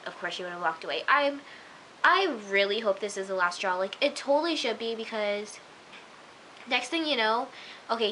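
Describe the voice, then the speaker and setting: Woman vlogger, bright higher voice, excitable and chatty, slips into hushed asides. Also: slight background noise, poor audio. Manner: gushing, exclamatory, full of filler words. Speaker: TV episode reviewer. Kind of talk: casual chatty review.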